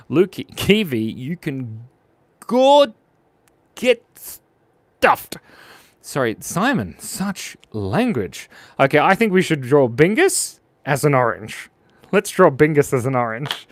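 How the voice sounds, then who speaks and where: A goofy man hosting a live stream, his voice leaping around with lively, bouncing intonation. He chatters playfully to viewers while he draws. The sound is close and dry, with no room echo. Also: mid-range voice. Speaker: live-stream drawing host. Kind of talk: casual live-stream chat while drawing.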